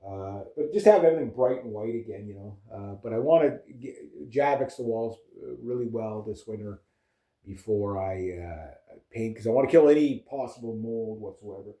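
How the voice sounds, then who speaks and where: A man talks on at home in an unhurried, rambling way, full of fillers and restarts. His voice is quite dark and mellow, and the room around him rings with echo. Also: fairly low pitch. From Canada. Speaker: vlogger. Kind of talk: casual rambling chat. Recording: echoey room.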